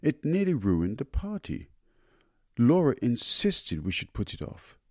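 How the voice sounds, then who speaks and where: A man's voice: medium pitch, wildly swooping pitch, unhurried, no echo, studio quality, pitched above the performer's own voice. A man voicing a weary, fussy middle-aged mother in a storybook reading, with an exasperated manner. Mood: brisk.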